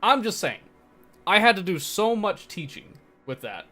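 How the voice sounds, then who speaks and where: A man's voice: high voice, sing-song, unhurried, sharp tone, soft background music. A young man live-streaming a game, chatting casually with his viewers in a playful, teasing, mock-defensive way. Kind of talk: casual live-stream chat while gaming.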